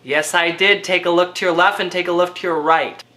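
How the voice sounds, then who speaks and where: A young man riffing in a rambling comic monologue to camera, self-deprecating with deadpan asides and swearing. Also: high-pitched, brisk. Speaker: comedy vlogger.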